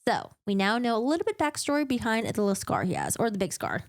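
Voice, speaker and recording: A woman's voice: on the high side, huge pitch swings, quick pace, hardly any pauses. A woman giving a casual, chatty book recap full of joking asides.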